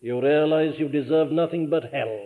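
Older man, Welsh accent, earnest fervent sermon, higher voice, tinny old recording. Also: moderate pace. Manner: earnest, rising to fervent emphasis then dropping low. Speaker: preacher. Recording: tinny archival church sermon recording with long hall reverb.

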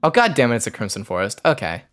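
A man's voice: medium pitch, big pitch swings, quick pace, fairly bright tone. A young man streaming a game, muttering a loose running commentary to himself as he plays. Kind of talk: live gameplay commentary.

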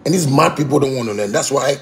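Ghanaian pidgin guy ranting on a live, blunt and cussing, mid pitch voice on a phone. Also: fast, a little hiss or hum. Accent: Ghanaian Pidgin English. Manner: blunt, defiant, repetitive, swears freely. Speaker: musician talking to fans live. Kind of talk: livestream rant.

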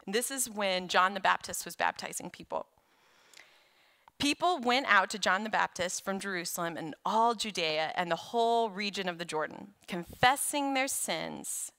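A woman giving a sermon as a guest speaker in a church, preaching in a conversational, animated way with casual asides to the congregation. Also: mid-range voice, moderate pace. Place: church sanctuary.

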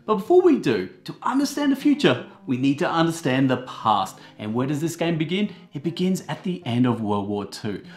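A man's voice: fairly high pitch, big pitch swings, moderate pace, hardly any pauses. A man giving a comedic board game review with jokey, slangy asides.

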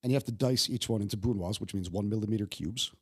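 A young man from New York with a New York accent, a chef talking in a casual podcast conversation, profane and animated, restarting his sentences often. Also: fairly low pitch, quick pace, breathy edge. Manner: profane, animated storyteller with many stammered restarts. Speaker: guest chef.

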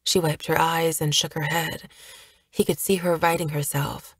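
A woman narrates a novel in a steady, measured storytelling voice. Her voice sits fairly low. The recording is close and dry, with no room echo. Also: husky. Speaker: audiobook narrator. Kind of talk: scripted narration.

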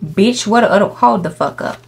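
A young woman runs her let's-play in an animated, cussing, chatty way, scolding the game animals and joking with viewers. Her voice sits at a middle pitch. Soft game music plays faintly behind her. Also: brisk, creaky, slightly rough. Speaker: gaming YouTuber. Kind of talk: casual let's-play commentary.

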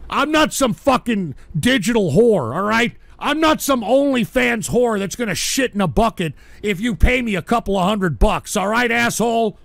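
A high, gravelly male voice, close and dry on the mic. He hosts a livestream and reads viewer messages aloud, answering each one with exasperated, profanity-laced rants. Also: lively intonation, normal speed, few pauses, a bit bright, no echo. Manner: angry, swearing, exasperated. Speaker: livestream host reading super chats. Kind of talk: profane ranting livestream talk.

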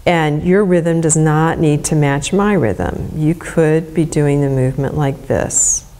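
A middle-aged woman guiding a gentle movement lesson in a soft, soothing, unhurried way. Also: sits low. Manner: soft, slow, soothing instruction. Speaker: movement educator.

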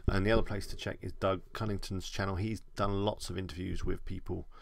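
A man's voice: sits low, little pitch movement, fairly quick, creaky. A man with an English accent, chatting casually as he answers viewer questions on a live stream.

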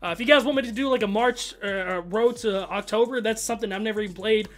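A man giving casual, slangy commentary over his own gameplay, excitable and trash-talking, with loud outbursts. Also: high voice, fast talker. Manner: slangy, keeps saying bro and dog. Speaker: gaming YouTuber.

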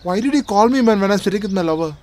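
A man's voice: high-pitched, animated, rapid-fire. A man voicing an irritable young man in a film dub, curt and threatening. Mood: irritated.

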